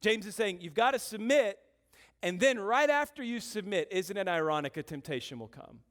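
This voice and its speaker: A man in his thirties, a pastor preaching a sermon and telling family stories with animated, swinging delivery. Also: high-pitched, moderate pace. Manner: animated storytelling, swings from loud bursts to quiet intensity. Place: church.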